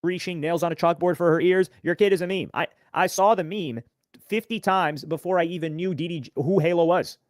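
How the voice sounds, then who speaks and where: A man co-hosting a casual live-stream commentary, talking quickly as he reads out and reacts to posts. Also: sits high, no echo, studio quality. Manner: quick, conversational, reading out and reacting.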